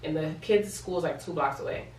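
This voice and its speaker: A woman's voice: deep voice, fairly quick, darkish tone. A young woman from New York tells a personal story in a casual vlog. She is emotional and repeats words for emphasis. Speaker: vlogger. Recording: echoey room, from a distance, faint hum.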